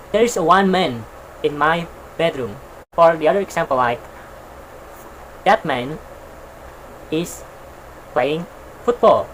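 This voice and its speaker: A teacher walks through English pronunciation at an unhurried, measured pace, saying each word several times before giving a simple example. The voice sits at a middle pitch. A faint air conditioning hum runs underneath. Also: a bit bright, rough recording. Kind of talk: recorded pronunciation lesson.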